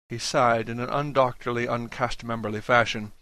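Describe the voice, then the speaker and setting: Bright-voiced male audiobook narrator. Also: mid-range voice, moderate pace, dry recording. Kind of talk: first-person audiobook narration.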